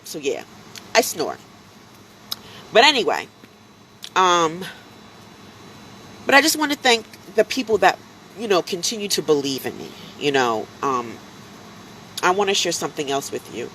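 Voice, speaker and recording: A woman talking casually to her followers on a live stream, telling animated stories full of fillers, a little drowsy from allergies. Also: lowish voice, measured pace, long pauses, slight background noise, low-quality recording. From United States. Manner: chatty, animated storytelling, many fillers.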